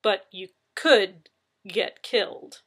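A stubborn artificial intelligence presses its point in a quiet, insistent voice, as a woman reading her story puts it on. It stays close to her own bright, crisp tone. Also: mid-range voice, takes it slowly. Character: persistent, tenacious AI.

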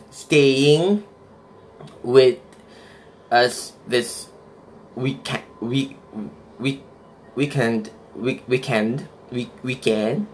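Man voicing a vain young woman, Malaysian English with a put-on British accent, slow unhurried delivery, affected, self-important, comedy sketch. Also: mid-range voice. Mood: strained reading. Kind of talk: comic character monologue.

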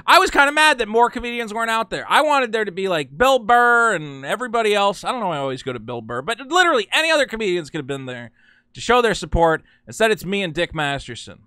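Excitable bright-voiced man ranting. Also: high-pitched, fast talker, clean tone, dry recording, clean studio sound. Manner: excitable, rambling, exasperated. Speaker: channel host. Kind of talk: casual commentary vlog.

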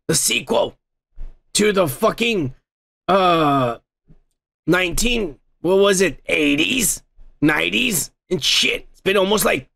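A man's voice: high-pitched, vocal fry, sharp tone. A man hosting a comedy podcast, ranting and swearing constantly in a crude, rambling way. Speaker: podcast host. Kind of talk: crude drunken comedy rant.

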